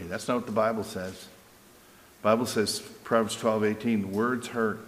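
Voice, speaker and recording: A man's voice: lowish voice, fairly even intonation, normal speed, slight background noise. A middle-aged male pastor preaching a sermon in a conversational way, often checking in with "right?". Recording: echoey hall with long reverb.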